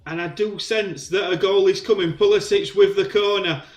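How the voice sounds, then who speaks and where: A man giving excited play-by-play commentary on a football video game, shouting when goals go in. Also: high-pitched, moderate pace, reverberant, soft background music. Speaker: gaming commentator.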